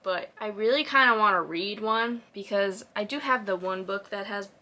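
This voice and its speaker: A woman in her twenties chatting casually as a book vlogger, gushing and excitable, with lots of fillers. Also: mid-range voice, moderate pace. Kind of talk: casual chat. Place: home room with bookshelves.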